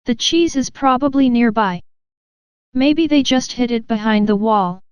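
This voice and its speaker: A woman's voice: fairly high pitch, a little slow, smooth, dry recording, dull audio, natural voice. A woman reading as Hem, a stubborn little man. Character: stubborn fearful little man clinging to routine.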